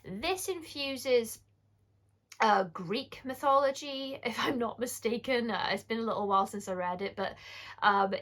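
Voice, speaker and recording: A British woman in her forties, host of a casual horror book-review vlog, chatty and candid, rambling with quick self-corrections and asides. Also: on the high side, fairly bright tone. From United Kingdom.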